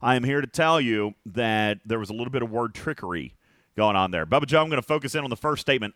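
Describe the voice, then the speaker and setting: Male podcast host, middle-aged, low register, dry sound, talkative and quick to laugh. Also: animated, a bit bright, no echo. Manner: chatty, laughs often, drawn-out emphasis. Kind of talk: casual chat.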